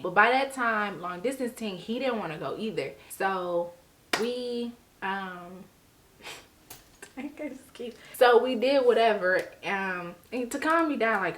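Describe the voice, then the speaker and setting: A young woman from Detroit telling a story on her vlog in a casual, slangy, animated way, laughing as she goes. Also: mid-range voice, a little hiss or hum. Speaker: storyteller vlogger.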